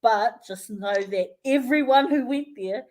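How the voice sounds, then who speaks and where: Animated New Zealand woman telling a story. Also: fairly high pitch, a little slow. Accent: New Zealand English. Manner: lively storyteller who acts out quoted voices, often laughing. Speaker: interview guest, community health worker. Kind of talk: casual radio interview storytelling.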